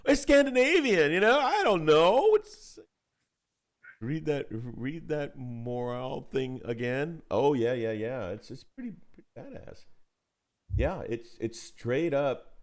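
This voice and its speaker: A man's voice: a little high, very animated, slow pace. A man co-hosting a casual gaming live stream, playful and laughing often as he reads game rules aloud. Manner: playful, laughing often, breaks into jokey voices. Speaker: co-host of a tabletop gaming live show.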